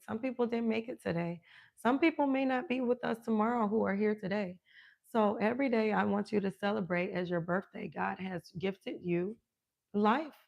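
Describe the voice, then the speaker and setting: Older woman, lively live-stream coach. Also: medium pitch. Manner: animated, laughs often, greets viewers by name. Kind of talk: casual live-stream chat with viewers. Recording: dull lo-fi stream audio.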